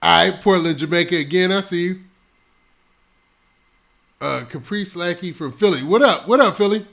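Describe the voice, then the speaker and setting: A man hosting a casual live stream on a close mic, shouting out viewers' locations and talking in laid-back slang. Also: high voice, normal speed, gravelly. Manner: shouting out viewers' locations one after another.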